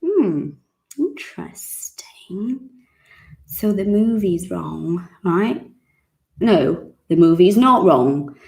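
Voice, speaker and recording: Brazilian woman, 30s, native Portuguese speaker, English teacher; unhurried, expressive, accented casual lesson delivery. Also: on the low side, gravelly. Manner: expressive, acts out surprised reactions.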